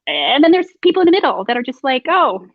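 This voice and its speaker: Woman podcast host, chatty and reflective, slightly high voice, muffled lo-fi mic. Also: big pitch swings, fast talker, no echo. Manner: chatty and reflective, laughs often. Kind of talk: casual conversation. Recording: dull lo-fi sound.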